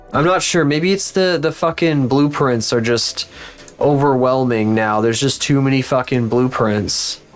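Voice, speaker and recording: A man streaming live as a VTuber, rambling and cursing in frustration while still recovering from being sick. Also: medium pitch. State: recovering from illness. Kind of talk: casual live-stream chat.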